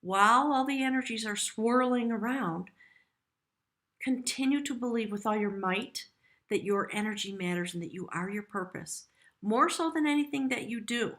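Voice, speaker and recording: A woman's voice: on the high side, moderate pace, a bit bright. A middle-aged woman, giving a casual, earnest tarot reading to camera, chatty and prone to restarts. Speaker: tarot reader.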